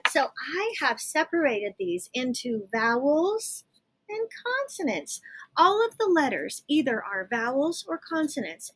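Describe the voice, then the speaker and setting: A young woman teaching young children letter sounds, slowly and patiently sounding out each letter. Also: a little high, slightly rough. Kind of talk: phonics lesson for young children.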